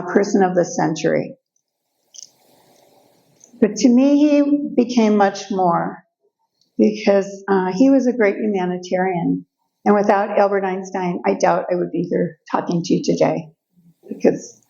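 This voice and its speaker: An older woman speaking as a guest speaker, telling personal stories in a lively way and acting out the voices of the people in them. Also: mid-range voice, creaky, lo-fi sound. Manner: lively storytelling, acts out quoted voices. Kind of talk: personal storytelling talk. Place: event room.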